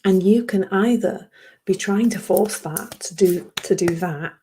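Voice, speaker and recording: A woman hosting a reflective solo podcast in a soft, emotional way, often laughing and dropping into whispers. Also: mid-range voice, measured pace, a little hiss or hum. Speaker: podcast host.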